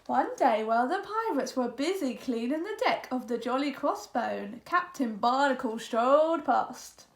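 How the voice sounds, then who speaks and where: A woman reading a children's picture book aloud in an animated, expressive way. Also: sits high, a little slow, creaky, few pauses. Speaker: storyteller. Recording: echoey room.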